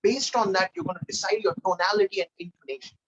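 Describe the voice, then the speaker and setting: A man leading a live online public speaking training, energetic and animated, swinging between loud and soft for emphasis. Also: high-pitched, fast talker, breathy edge, muffled recording.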